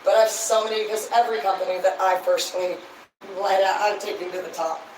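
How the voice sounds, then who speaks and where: A woman rambles bluntly through a casual livestream, swearing constantly. Her voice sits far from the mic in a roomy, echoing space. A clear layer of background noise runs underneath. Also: mid-range voice, fairly even intonation, fast talker. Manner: blunt, heavily profane, rambling. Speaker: livestream host. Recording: echoey, distant mic, noisy background.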